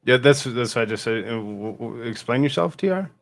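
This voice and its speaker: Halting man hosting a stream. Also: medium pitch, lively intonation. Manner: halting, repeats words. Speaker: channel host. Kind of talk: casual livestream chat.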